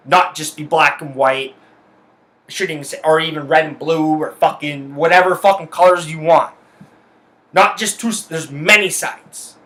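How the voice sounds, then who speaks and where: A man's voice: on the high side, bright, forceful tone. A young man ranting angrily in a solo monologue, swearing a lot and hammering his points with emphasis. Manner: angry, profane, emphatic. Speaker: podcast host.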